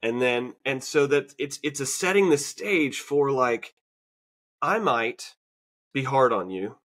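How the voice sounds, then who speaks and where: A man's voice: medium pitch, lively intonation, slow pace, fairly bright tone. A man co-hosting a podcast, talking in a casual, reflective way with many fillers and restarts. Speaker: podcast co-host. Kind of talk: casual conversation.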